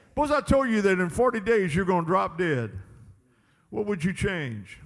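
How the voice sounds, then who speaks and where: A man's voice: sits high, animated, moderate pace. A man preaching a sermon in a church, emphatic and repetitive, pressing the congregation with call-and-response lines. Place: church sanctuary. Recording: long hall reverb in a church.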